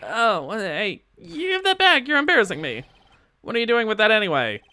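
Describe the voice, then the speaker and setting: A man's voice: wildly swooping pitch, a little fast, pushed and bright, clean tone, heavily acted. A man doing a whiny lovesick goofball. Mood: flustered. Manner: whiny, high, flustered. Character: goofy, lovesick young man, whiny and defensive. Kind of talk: game dialogue read-along.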